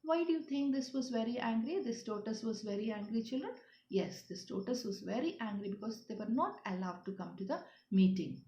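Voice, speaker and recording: A woman's voice: on the high side, expressive, fairly quick, warm tone. A woman teaching schoolchildren, explaining a story, repeating herself and asking them questions. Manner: repetitive, questioning, often asks "children". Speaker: English teacher. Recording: roomy, dull lo-fi sound.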